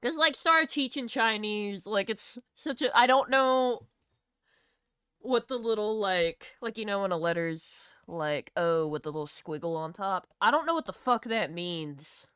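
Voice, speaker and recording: A woman's voice: medium pitch, lively intonation, unhurried, fairly bright tone, smooth, no echo, studio quality. A woman with a Southern US accent chatting casually on a live stream while she draws, rambling, laughing and swearing freely. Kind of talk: casual chat while drawing.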